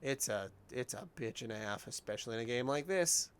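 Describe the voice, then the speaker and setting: A man's voice: medium pitch, expressive, brisk, a little hiss or hum. Rambling, casual male game streamer. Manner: rambling, filler-heavy, self-deprecating. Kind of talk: casual gameplay commentary. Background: game music.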